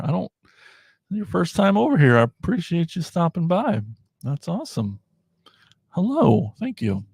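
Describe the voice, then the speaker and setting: A man hosting a toy podcast livestream, chatting casually in a rambling, animated way and laughing often. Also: high voice, measured pace, gravelly, pauses often, slightly rough, no room sound, studio quality. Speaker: podcast host.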